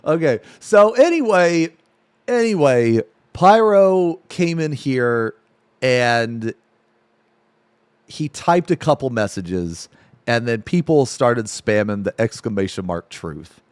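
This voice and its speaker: A man's voice: mid-range voice, takes it slowly, clean tone, no echo. A man streaming live, chatting casually and telling stories, swearing constantly and breaking into laughter. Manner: profane, laughing, animated storytelling.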